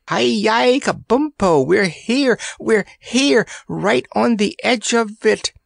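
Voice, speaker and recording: A man voicing an excitable, eager young boy king in a storybook, exclaiming often. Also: mid-range voice, normal speed, slightly rough, no room sound, clean studio sound, exaggerated voice. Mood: excited. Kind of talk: audiobook character voice.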